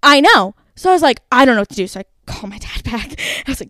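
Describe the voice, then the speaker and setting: A young woman in her twenties hosting a podcast, telling a story in a lively rush full of fillers. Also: high voice, fast, few pauses, no room sound. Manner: animated, breathless, full of "like" fillers. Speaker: podcast host. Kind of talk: casual storytelling.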